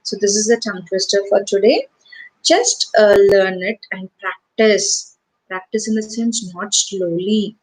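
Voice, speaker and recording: Slow, coaxing woman teacher. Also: mid-range voice, darkish tone, slightly rough, poor audio. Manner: slow, coaxing, repeats questions to children. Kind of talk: online class lesson to children. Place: home or small room, online class.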